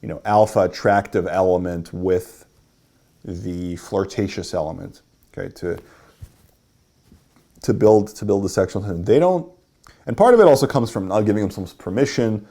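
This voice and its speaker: A man's voice: fairly low pitch, normal speed, long pauses, dark tone. A man teaching a workshop as a dating coach, explaining and demonstrating how to deliver lines.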